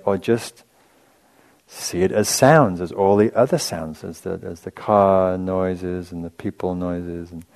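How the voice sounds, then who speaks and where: A man with a low, deep voice gives a meditation talk, wandering through a personal story with loose asides and easy chuckles. He sounds conversational rather than preachy, like a teacher thinking out loud. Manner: casual, chatty storytelling with frequent asides; self-amused, laughs at his own anecdotes. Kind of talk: dharma talk.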